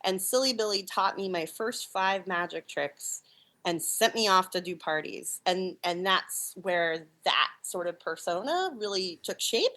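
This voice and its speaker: A middle-aged woman, a puppeteer and clown, telling stories in a casual interview, animated and laughing often as she acts out quoted lines. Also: on the low side, unhurried.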